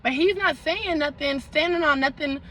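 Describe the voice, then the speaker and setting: A young woman vlogger telling a storytime in a dramatic, animated way, full of slang and asides to her viewers. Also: high voice, normal speed, slight background noise, poor audio. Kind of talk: storytime vlog.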